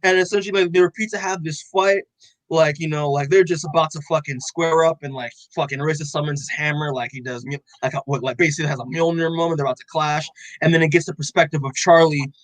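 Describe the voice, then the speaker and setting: A young man co-hosting a podcast, excitedly recapping a comic in loose casual chat, full of "like" and swearing, acting out the characters' lines. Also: on the high side, fast talker, no room sound, poor audio. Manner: excited, loose, heavy on "like" and swearing, acts out quotes. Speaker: podcast co-host.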